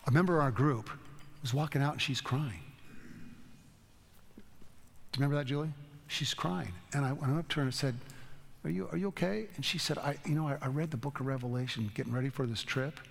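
A man with a medium-pitched, slightly rough voice and some vocal fry leads a Bible study, teaching informally. He tells folksy stories, rambling and restarting as he goes, and a long reverb tail trails his words.

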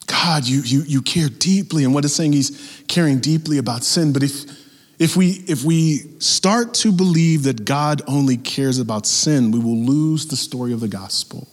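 A man preaching a sermon as pastor, talking in a lively, conversational way with acted-out asides. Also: medium pitch, moderate pace, long reverb tail.

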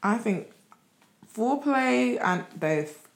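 A woman's voice: fairly high pitch, expressive, slow pace. A young woman co-hosting a podcast, chatting casually in a rambling, enthusiastic way. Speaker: podcast co-host. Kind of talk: casual chat. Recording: roomy echo.

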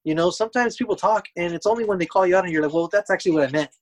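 A man's voice: sits high, very fast. A man in casual chat, laid-back and explaining his point with a few restarts.

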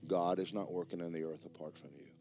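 A man preaching a sermon as the pastor of a church, telling a story in a lively way that swings between hushed and loud. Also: low voice, quick pace. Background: faint guitar music.

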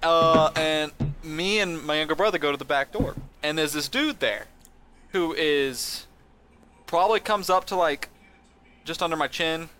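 A man's voice: a little high, measured pace, sharp tone, faint music behind. A man telling a story in casual chat, laying out details step by step.

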